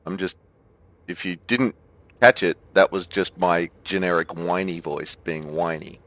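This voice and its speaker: A man's voice: deep voice, steady tone, a little slow, a bit bright. A man streaming a game, chatting casually, thinking aloud and laughing often. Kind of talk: casual gameplay chat.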